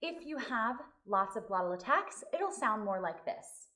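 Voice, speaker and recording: A woman voice teacher giving a vocal lesson, explaining clearly and singing short demonstrations. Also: fairly high pitch, very animated, moderate pace, sharp tone, distant mic.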